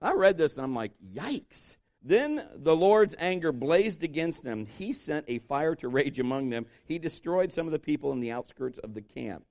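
A man preaches to his congregation in a lively, joking way. His slightly high voice swoops up and down a lot. Now and then he jumps into loud, shouted impressions. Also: normal speed, hardly any pauses. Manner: animated, jokey storytelling with shouted impressions. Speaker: pastor. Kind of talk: sermon.

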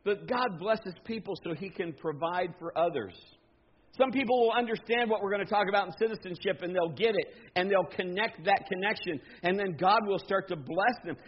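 A man with a high voice preaches a casual, conversational sermon and keeps asking his congregation questions. The sound is slightly muffled and dull. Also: normal speed, slightly rough. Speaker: pastor.

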